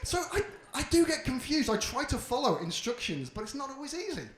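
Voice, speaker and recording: A crowd can be heard behind this British stand-up comic, whose voice is extremely high-pitched and fairly quick. Brash and swearing, he tells his stories animatedly from a club stage with a roomy echo.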